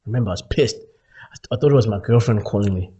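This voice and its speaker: A man hosting a podcast, telling a story in casual chat, animated, laughing often and acting out voices. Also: on the low side, fast talker, slightly rough, lo-fi sound. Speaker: podcast host.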